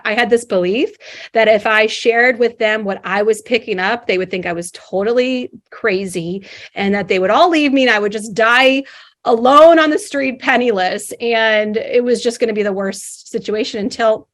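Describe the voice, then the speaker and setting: Animated woman telling her story. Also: fairly high pitch. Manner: animated, acts out her inner voices. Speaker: podcast guest. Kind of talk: casual storytelling.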